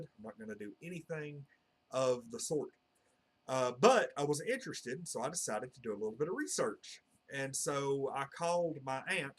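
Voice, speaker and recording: A man, telling a personal story to camera in a casual, meandering way full of "uh" and "you know.". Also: mid-range voice. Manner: earnest, meandering, heavy on fillers like "uh" and "you know". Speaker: channel host.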